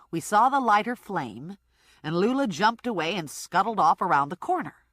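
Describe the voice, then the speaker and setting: A woman's voice: fairly low pitch, a bit bright, no echo. A woman narrating a comic audiobook in first person with dry, wry storytelling.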